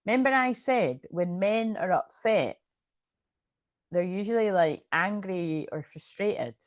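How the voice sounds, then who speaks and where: A woman's voice: mid-range voice, lively intonation, takes it slowly, no echo, studio quality. A woman doing a casual, chatty tarot reading, often laughing as she reads card messages aloud. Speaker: tarot reader.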